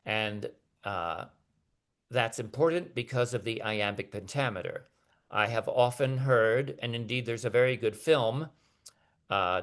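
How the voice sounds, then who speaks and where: A man's voice: lowish voice, fairly bright tone. A man giving an academic lecture over a video call, talking hesitantly with many fillers and restarts.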